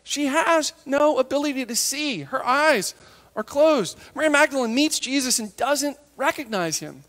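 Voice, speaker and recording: A woman gives a conversational sermon, slipping into the voices of the people in the story as she goes. Her voice sits high and swings widely in pitch. The sound carries a long hall reverb. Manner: lively and conversational, acting out the disciples and Mary in quick asides. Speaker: preacher.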